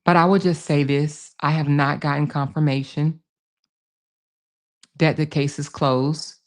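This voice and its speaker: Reading and answering viewer comments on a casual livestream, a woman speaks with a low pitch, fairly even intonation, and a measured pace. She's emphatic, repeats phrases to stress her points, and calls viewers baby and honey.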